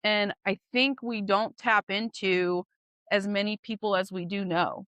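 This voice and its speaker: A woman talks with a bright, forceful voice in a relaxed interview. She is an animated, candid real estate agent who laughs easily. The sound is dry and close. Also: mid-range voice, unhurried, clear, resonant tone, dry recording. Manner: goal-driven, candid. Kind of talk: casual interview chat.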